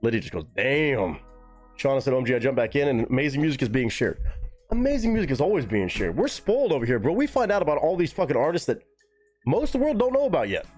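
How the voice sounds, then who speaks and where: A young man hosting a live music reaction stream, talking casually and excitedly to his chat with plenty of swearing. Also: mid-range voice, quick pace. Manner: excitable, profane, talks straight to chat.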